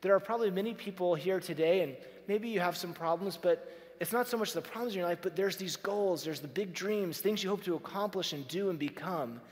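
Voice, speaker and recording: A man's voice: high-pitched, fairly quick. A man telling a story to a live audience as an inspirational speaker, acting out the dialogue in it. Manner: animated, acts out dialogue in a story. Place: large hall. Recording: long hall reverb from a stage mic.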